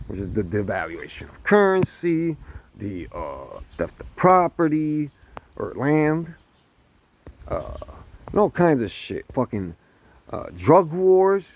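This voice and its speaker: A man ranting casually to camera, swearing constantly and laughing between lines. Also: mid-range voice. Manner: profane, laughing often, animated. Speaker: vlogger.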